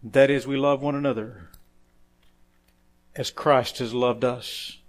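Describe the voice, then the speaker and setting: A man preaching a sermon as pastor, quoting scripture, saying "amen" often, rising to loud emphatic phrases and dropping quiet for asides. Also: steady tone, takes it slowly. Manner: emphatic preaching that swells louder on key phrases and drops low and quiet for asides; quotes scripture with frequent "amen".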